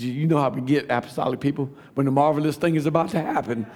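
A man, giving a testimony sermon that builds to fervent shouting. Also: medium pitch, steady tone, fast. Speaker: preacher.

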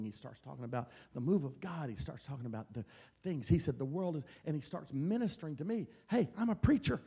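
A middle-aged man from Mississippi, a traveling evangelist, telling stories that build into loud, shouted Pentecostal preaching. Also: sits high. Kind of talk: Pentecostal sermon.

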